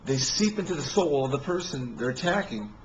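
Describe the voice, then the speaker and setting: A man telling rambling personal stories in a halting way, with many restarts and fillers. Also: medium pitch, expressive, muffled recording, a little hiss or hum.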